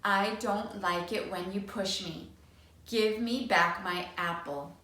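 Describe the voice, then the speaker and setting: A woman voicing a gentle female butterfly teacher who speaks slowly, soothingly and firmly. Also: a little high, very animated, far from the mic. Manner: soothing, slow and firm. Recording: echoey room.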